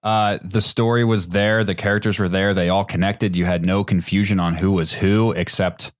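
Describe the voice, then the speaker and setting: A man's voice: low voice, fairly even intonation, normal speed. A man guest co-host on a movie podcast, talking casually and stumbling over his words. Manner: hesitant, stumbling restarts. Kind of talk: casual chat.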